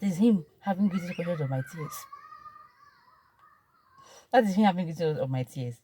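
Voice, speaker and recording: A vlogger in her thirties with a Nigerian accent gives a personal testimony, emotional and repetitive, moving from animated to hushed. Her fairly low voice has a breathy edge, and she speaks at a moderate pace with long pauses.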